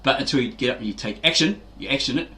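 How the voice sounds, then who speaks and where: A man's voice: medium pitch, very fast, sharp tone. A man hosting a fitness channel, telling rambling anecdotes in a casual motivational monologue, often checking in with "right?". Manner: anecdotal, chatty, keeps tagging with "right?".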